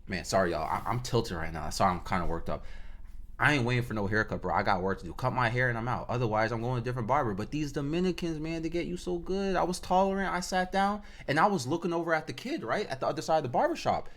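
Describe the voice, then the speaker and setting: A man telling a casual storytime rant, slangy and animated, acting out the sounds he describes. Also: fast. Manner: animated, acts out sounds and jumps between high and low pitch; slangy and conversational. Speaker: vlogger.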